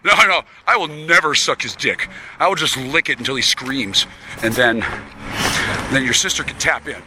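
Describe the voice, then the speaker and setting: A man's voice: medium pitch, moderate pace. A man rambling and swearing constantly while walking along a town street, talking to an unseen listener he calls sweetie. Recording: loud street and traffic noise.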